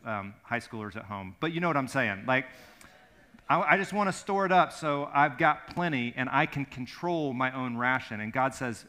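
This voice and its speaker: Middle-aged male pastor, earnest sermon voice, ringing and bright. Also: mid-range voice, expressive, normal speed. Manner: earnest, emphatic storytelling with repeated words.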